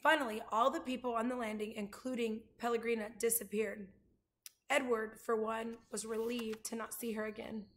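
A woman reading a children's chapter book aloud, pausing to show pictures to her listeners. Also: on the high side, little pitch movement, a little hiss or hum. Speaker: reader.

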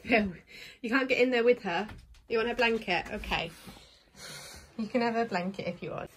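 A woman's voice: fairly high pitch, moderate pace, a bit bright. A young woman filming at home, cooing to her baby and dogs in a sing-song baby-talk voice. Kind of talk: home video chat. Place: home indoors. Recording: faint background noise.

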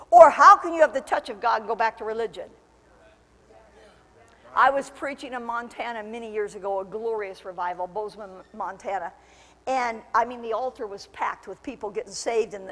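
A woman pastor preaching a lively sermon, telling stories and building to fervent shouts. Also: a little high, brisk. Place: church sanctuary. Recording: long church hall reverb.

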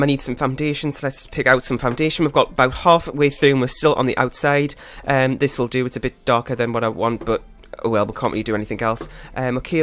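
A man's voice: mid-range voice, fairly bright tone, slight background noise. A man hosting his own gaming channel, giving flustered, rambling, self-critical live commentary while he plays. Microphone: desktop USB microphone.

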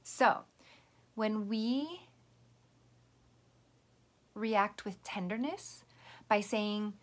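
A woman teacher giving a patient, gentle lesson to young children, explaining step by step. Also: mid-range voice, very slow.

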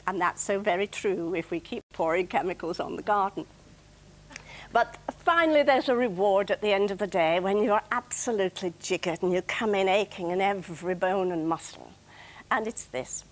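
A woman's voice: medium pitch, moderate pace. An older woman chatting about gardening and reciting her own comic poems with playful timing as a studio guest. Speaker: dictionary corner guest reading poems. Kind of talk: light chat and poetry reading. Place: television studio.

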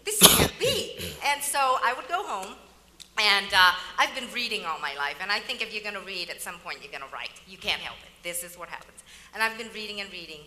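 Woman author, native Vietnamese speaker, bright voice, long hall reverb. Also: mid-range voice, expressive, quick pace, slight background noise. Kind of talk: onstage conversation.

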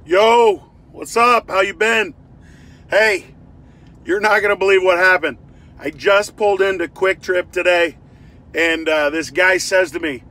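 Man, loud excited storyteller, bright forceful tone, slightly high. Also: a little slow. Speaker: video poster. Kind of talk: casual storytelling to camera.

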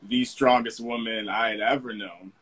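A man being interviewed as a guest, speaking in a reflective, earnest and soft-spoken way. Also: mid-range voice, steady tone, moderate pace, slight background noise, rough recording. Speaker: guest, fashion model. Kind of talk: casual interview.

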